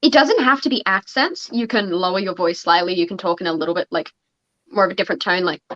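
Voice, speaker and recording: A woman's voice: fairly low pitch, quick pace, fairly bright tone. Young woman, game master host, casual chat, muffled stream sound, many restarts. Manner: chatty, lots of fillers and restarts.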